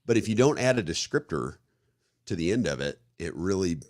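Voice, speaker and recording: A man from the American Midwest talks in a very low voice, recorded close and dry. He co-hosts a podcast in a loose, casual way, restarting sentences and acting out little scenes as he goes. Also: very animated, fairly quick, no room sound. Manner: rambling, restarts often, acts out example scenarios. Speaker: podcast co-host. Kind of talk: casual conversational discussion.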